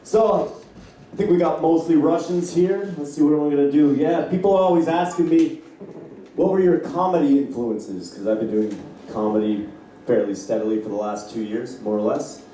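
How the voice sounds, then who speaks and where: A man from Canada performing stand-up, with a mellow voice and loose crowd-work banter that slips into acted voices. His mic sounds very echoey and distant in the club. A faint hum sits underneath. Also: fairly high pitch, moderate pace. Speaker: stand-up comedian. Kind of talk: stand-up comedy set. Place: comedy club.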